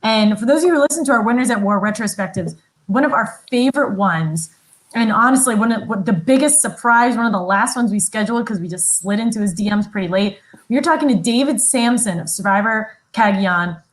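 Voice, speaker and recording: A woman's voice: fairly high pitch, brisk, low-quality recording. A young woman co-hosting a podcast, chatting in an upbeat, giggly way. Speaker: podcast co-host. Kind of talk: casual podcast chat.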